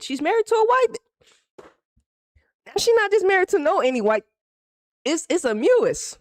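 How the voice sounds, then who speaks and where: A woman talks football in loose, unscripted banter with a high voice that leaps all over the place. Her delivery is animated and profane, full of quick asides, and the sound is dry and close with no room around it. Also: no echo. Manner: animated, profane, rapid banter with acted quotes. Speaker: football commentator. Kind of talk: casual reaction commentary.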